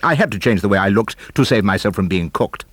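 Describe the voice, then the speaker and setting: An unflappable giant snail from a storybook reading, as a man puts him on, speaking politely with lively, rising pitch. He stays perfectly cool, and the recording is close and dry. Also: fast, breathy edge, no room sound.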